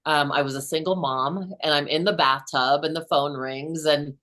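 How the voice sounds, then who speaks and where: Low-voiced woman in her sixties, telling a story. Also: fairly even intonation, normal speed, fairly bright tone. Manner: earnest, many restarts and "you know". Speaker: podcast host and author, guest. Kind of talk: storytelling in a casual interview.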